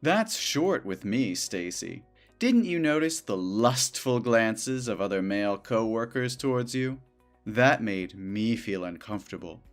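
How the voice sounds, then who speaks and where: A man's voice: on the low side, expressive, unhurried, soft background music. An actor playing a possessive male coworker who talks in a sugary, overly familiar way. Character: clingy possessive male coworker, young adult. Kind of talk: scripted dialogue drama.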